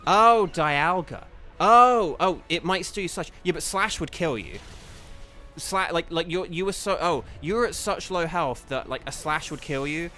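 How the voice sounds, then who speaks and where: A young man live-streaming a game and chatting, excitable and flustered, rambling with lots of fillers. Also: fairly high pitch, normal speed. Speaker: streamer and voice actor. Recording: faint game music behind.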